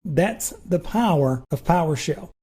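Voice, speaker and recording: A man instructor narrating a screen-recorded programming tutorial, talking through each step in a relaxed, reassuring way. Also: on the high side, measured pace, husky.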